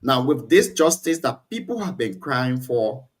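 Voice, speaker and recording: A man with a Liberian accent hosting a studio talk show, talking in a measured, explanatory way and reading quotes aloud. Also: mid-range voice, very animated.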